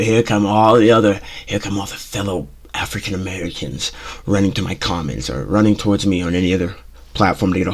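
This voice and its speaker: A man with a slightly low voice hosts his own casual talk show and speaks his opinions bluntly. He circles back, repeats phrases and checks in with "okay?" and "you know?" as he goes. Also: husky. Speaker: show host.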